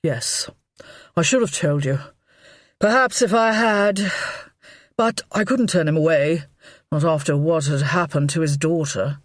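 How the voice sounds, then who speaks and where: A woman narrator reads a dogged, defensive middle-aged husband in an audiobook, low in her range and steady. Close, dry recording. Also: unhurried, long pauses, no echo. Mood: explaining. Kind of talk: audiobook character voice.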